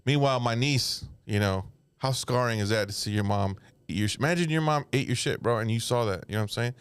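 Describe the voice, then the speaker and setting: A man on a comedy podcast telling a family story in rough, profane language, jumping between voices as he acts out relatives. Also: medium pitch, fast, no room sound. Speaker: podcast host. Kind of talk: casual comedy podcast chat.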